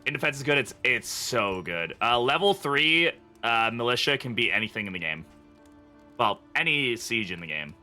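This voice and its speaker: Man, game streamer, chatty commentary, bright voice, faint music behind. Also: medium pitch, very animated, normal speed. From United Kingdom. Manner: chatty, thinking aloud, chuckling often. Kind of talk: casual gameplay commentary.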